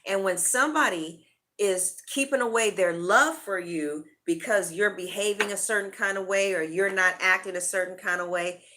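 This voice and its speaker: Woman doing a tarot reading, blunt and swears a lot, bright edgy voice. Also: on the low side, slight background noise. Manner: blunt and profane. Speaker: tarot reader.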